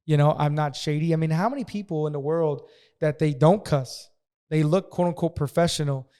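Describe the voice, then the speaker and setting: A man's voice: on the high side, a little fast, mellow, clean tone. A man in casual podcast conversation who talks bluntly and aggressively, cussing freely.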